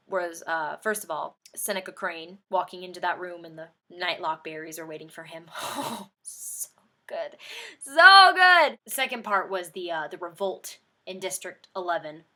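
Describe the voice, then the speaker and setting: Gushing young woman vlogger. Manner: gushing, animated fangirl with sudden high outbursts. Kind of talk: excited movie reaction vlog.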